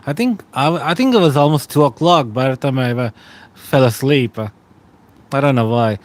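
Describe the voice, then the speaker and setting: A man's voice: mid-range voice, moderate pace. A man in his thirties from Australia, chatting casually with stream viewers while lying tired in bed. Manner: relaxed, rambling, greets chat by name.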